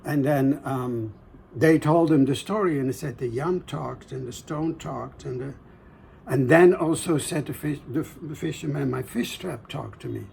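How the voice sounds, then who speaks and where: A man hosting a show and telling a folktale in a slow, gentle, pausing way with hushed asides. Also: on the high side, creaky, slight background noise. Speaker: storyteller, host. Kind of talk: folktale storytelling.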